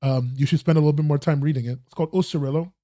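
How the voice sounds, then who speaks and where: A man's voice: on the high side, fairly even intonation, very fast, warm tone, no echo. A man hosting a casual livestreamed news roundup podcast, rambling and restarting, swearing casually. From not American. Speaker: podcast host.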